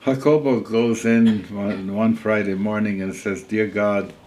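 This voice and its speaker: An elderly man in his eighties, a rabbi telling a story at a gathering in a lively, chuckling way, sprinkling in Yiddish words. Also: on the low side, measured pace, a little hiss or hum, poor audio. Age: 80s.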